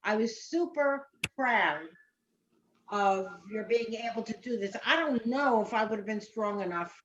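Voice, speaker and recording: A woman's voice: a little high, expressive, a little slow, highs cut off, slight background noise. A woman hosting a live talk show, encouraging her guest and stepping in to wrap the segment up. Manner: supportive, cuts in to wrap up. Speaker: host.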